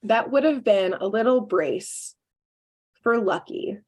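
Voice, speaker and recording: A woman co-hosting a podcast recaps a cartoon episode in easy, casual chat. She keeps breaking into quick acted-out quotes of the characters as she goes. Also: fairly high pitch. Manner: animated storyteller, quotes characters in quick asides.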